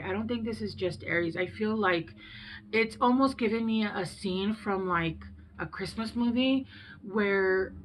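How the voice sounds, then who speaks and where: A woman's voice: medium pitch, a little hiss or hum. A woman in her thirties giving a casual tarot reading to camera, emotional and rambling, often trailing off and restarting her sentences. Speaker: tarot reader.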